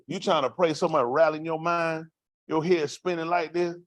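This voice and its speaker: Speaking at a moderate pace with a fairly high, steady voice, a man offers a congregation his raw, vernacular testimony about street life. He keeps putting rhetorical questions to the room, captured in a dry recording.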